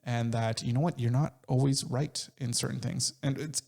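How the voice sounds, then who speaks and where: A man's voice: medium pitch, fairly even intonation, normal speed, gravelly, a little mellow. A middle-aged man chatting casually as co-host with his wife, blunt and joking, swearing freely. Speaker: co-host, husband. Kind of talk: casual conversation.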